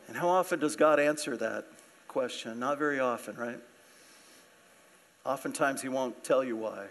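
A man's voice: a little high, moderate pace, a bit bright. A man preaching a sermon, explaining the verses in a conversational way and asking his listeners questions. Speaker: pastor.

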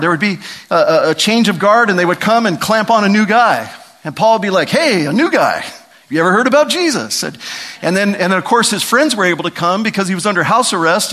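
A middle-aged man preaching a sermon, telling stories with animated, dramatic emphasis. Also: a little high. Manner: animated, storytelling, lively emphasis and dramatic vocal swings. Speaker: pastor.

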